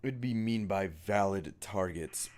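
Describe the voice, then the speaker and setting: A man streaming a game, reading its text aloud and thinking aloud in a halting, casual way. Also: low-pitched, background noise.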